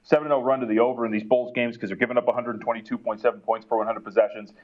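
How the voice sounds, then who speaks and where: A man talks through sports betting picks at a brisk pace, with plenty of fillers along the way. His audio sounds dull and lo-fi. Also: medium pitch, steady tone. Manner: rapid, filler-heavy analysis. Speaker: NBA analyst.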